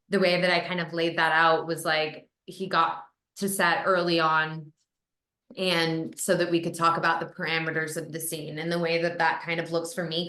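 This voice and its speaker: A woman director chats through an interview in a bright, forceful voice that sits a little low for her. She tells her story with animated energy and laughs often. The room adds a noticeable echo. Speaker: film director and actor, interview guest. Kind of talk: casual interview chat. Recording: roomy echo.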